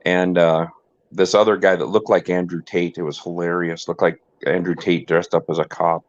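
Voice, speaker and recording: Low-voiced man telling stories. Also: level tone, moderate pace, dry recording. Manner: storyteller who mimics people in his anecdotes. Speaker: host. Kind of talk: casual podcast chat. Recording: dull lo-fi dry sound.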